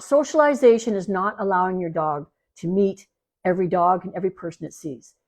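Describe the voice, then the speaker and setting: A woman dog trainer talks through listener questions in a relaxed podcast style. Her voice sits at a middle pitch, and she is plainspoken, hammering home key points by repeating them. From Canada. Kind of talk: casual podcast advice.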